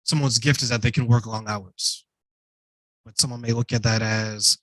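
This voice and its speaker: A man's voice: medium pitch, steady tone, moderate pace, fairly bright tone, no echo, rough recording. A male host asking questions in an interview, thoughtfully summing up and checking what he understood. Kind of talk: conversational interview.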